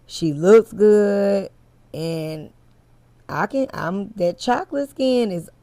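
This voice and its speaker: A candid, chatty woman hosts a casual commentary show and speaks directly to her viewers, swearing freely as she gives her opinions. Her pace is unhurried and drawn out, and her voice sits in a middle register. The sound is dry and close, with no room echo. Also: medium pitch, warm tone. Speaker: host.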